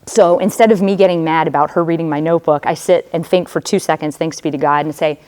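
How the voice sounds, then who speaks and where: A woman with a fairly low voice tells her own story to a room of students. She is a religious sister and talks to them directly, like a conversation. She uses casual fillers as she goes. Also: fairly even intonation, fast talker, darkish tone, clear, resonant tone. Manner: conversational storytelling, speaks straight to the audience. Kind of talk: personal testimony talk.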